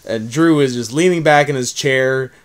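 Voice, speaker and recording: A man's voice: mid-range voice, moderate pace, clear, resonant tone. A young man co-hosting a casual chat podcast who laughs often and swears casually. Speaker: podcast co-host.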